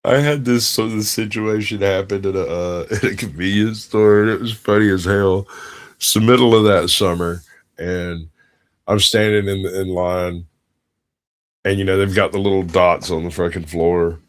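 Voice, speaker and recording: A man's voice: deep voice, steady tone, moderate pace. A middle-aged man, co-hosting a podcast and telling crude stories in casual chat, laughing often. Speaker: podcast co-host.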